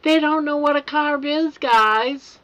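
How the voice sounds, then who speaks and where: A woman's voice: high-pitched, slow pace, fairly bright tone. A woman co-hosting a casual livestream chat, blunt with joking asides. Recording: dull lo-fi stream audio.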